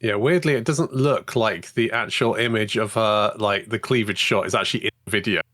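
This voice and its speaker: A man co-hosting a gaming podcast in casual chat, teasing and animated. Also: fairly low pitch, brisk. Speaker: podcast co-host.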